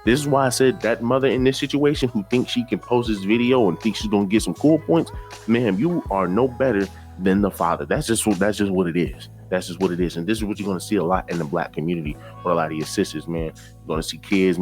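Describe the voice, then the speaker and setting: A man's voice: deep voice, quick pace, a little mellow, soft background music. A man giving reaction commentary in a preachy way, repeating himself and asking rhetorical questions.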